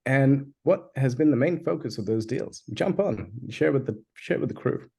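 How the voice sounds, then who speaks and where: A man co-hosting a live online training, casual and jokey, cutting in with quick remarks. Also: medium pitch, lively intonation, creaky, warm tone, husky. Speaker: co-host.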